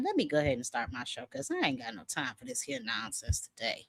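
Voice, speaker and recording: A woman's voice: a little high, huge pitch swings, fast, gravelly, few pauses, breathy edge. Sassy, dramatic woman livestream host. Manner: sassy, dramatic, calls viewers honey and child. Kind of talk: casual livestream commentary.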